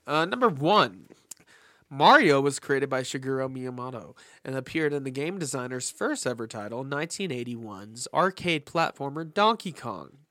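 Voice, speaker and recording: Bright, jokey male podcast co-host. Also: medium pitch, lively intonation, no room sound. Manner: jokey, reads facts quickly. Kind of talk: casual chat, reading fun facts.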